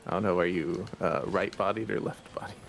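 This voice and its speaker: A man's voice: sits low, fairly even intonation, brisk, gravelly, a little hiss or hum. A man co-hosting a morning gaming show, tossing in dry wisecracks. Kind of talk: casual chat.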